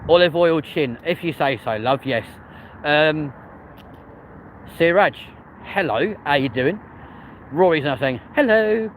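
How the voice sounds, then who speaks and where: A man's voice: a little high, expressive, slow pace, pauses often, slight background noise, poor audio. A man with a London accent, live-streaming as he walks city streets and chatting cheekily with viewers, swearing freely. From England. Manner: cheeky, sweary, chats to the live chat while walking.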